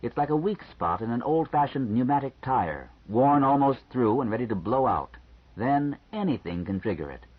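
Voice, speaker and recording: A man reading an audiobook, voicing a calm male doctor who explains things frankly and matter-of-factly. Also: mid-range voice, breathy edge. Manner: measured, matter-of-fact explaining. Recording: slightly muffled lo-fi recording.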